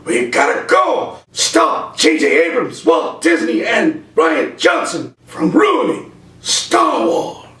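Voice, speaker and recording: A man impersonating a frantic, eccentric old scientist in a high, shouting voice. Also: big pitch swings, slow pace, far from the mic, exaggerated voice. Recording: roomy echo, off-mic.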